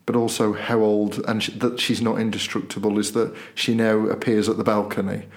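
A man's voice: on the low side, brisk. A man, a newspaper editor hosting a local podcast, telling a long anecdote in casual chat and acting out the voices of the people in it. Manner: animated storyteller, acts out voices in quotes.

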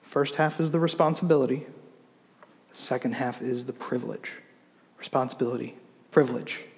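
A man, a pastor, preaching a sermon in an explanatory teaching manner, slowing down to read scripture. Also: medium pitch, long reverb tail.

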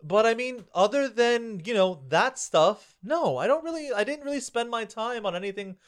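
A man's voice: very high-pitched, animated, normal speed, smooth. A man co-hosting a casual podcast, gushing enthusiastically with plenty of "like" fillers and swearing. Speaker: podcast co-host. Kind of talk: casual chat.

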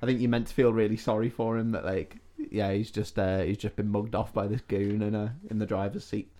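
A man's voice: on the low side, little pitch movement, a little fast, mellow. A man co-hosting a podcast, casually retelling film scenes with jokes and swearing. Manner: joking, swearing, recounting scenes. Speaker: podcast co-host. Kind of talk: casual film recap chat.

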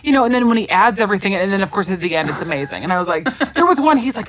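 A woman chatting casually, telling lively stories and quoting others in a soft hushed voice. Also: medium pitch, very fast, few pauses, slight background noise. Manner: animated storytelling, quotes others in a hushed voice. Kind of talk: casual chat.

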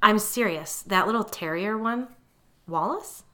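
A woman's voice: medium pitch, measured pace, sharp tone, pitched above the performer's own voice. A woman voicing a playful female ghost who talks in a teasing, matter-of-fact way, in a storybook reading.

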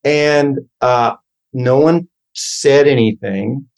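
A man in his fifties from Oklahoma, USA, a guest actor, tells stories casually in an interview, rambling and wry and constantly correcting himself mid-sentence. His mid-range voice is gravelly, a little mellow, and very slow.

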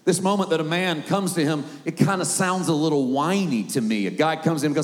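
A man's voice: a little high, brisk, hardly any pauses, long reverb tail. A middle-aged man preaching a sermon in a conversational way, sometimes acting out the voices he quotes.

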